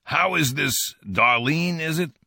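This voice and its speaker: Man voicing a suspicious crook, paranoid, bright, close dry sound. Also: a little high, slow pace, creaky, no echo, voice pushed up, exaggerated voice.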